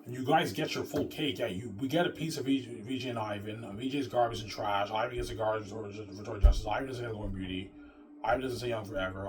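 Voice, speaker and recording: A man's voice: lowish voice, far from the mic, noisy background. A man ranting in a rambling, agitated monologue, cursing and repeating himself. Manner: agitated, profane and repetitive, ends phrases with "man".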